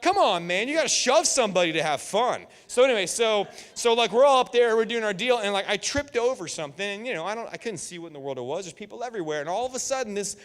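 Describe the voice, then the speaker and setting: Animated youth pastor in an echoey hall. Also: male voice, high-pitched, quick pace, few pauses. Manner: animated storytelling with jokes and voiced quotes. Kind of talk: sermon. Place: church youth room. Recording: echoey hall with long reverb.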